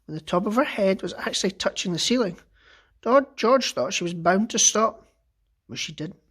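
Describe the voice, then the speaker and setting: A man teacher reading a children's book aloud with expressive, lively storytelling. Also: high voice, moderate pace, slightly rough.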